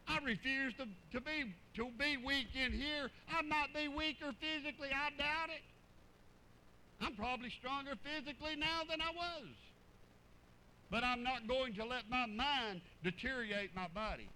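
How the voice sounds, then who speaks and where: Man, middle-aged, informal sermon, animated storyteller, faint background hiss. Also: very high voice, normal speed, poor audio. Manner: animated storytelling, repeats words, acts out dialogue. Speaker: preacher. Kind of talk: informal sermon with personal stories.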